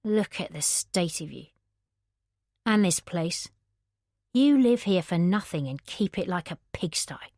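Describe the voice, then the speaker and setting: Woman doing a posh English man, menacing, controlling, quiet and even, low voice, audiobook thriller. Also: unhurried, long pauses, no room sound, clean studio sound. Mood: contemptuous.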